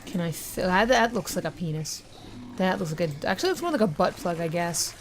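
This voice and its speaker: A woman's voice: fairly low pitch, expressive, a little fast, faint music behind. A woman playing through a horror game, reading its text aloud and reacting casually, often swearing or saying she is grossed out. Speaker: gaming video host.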